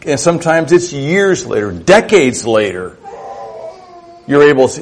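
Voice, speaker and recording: Slow, husky-voiced male preacher. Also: mid-range voice. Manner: earnest, conversational preaching with acted-out dialogue. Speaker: pastor. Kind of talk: sermon.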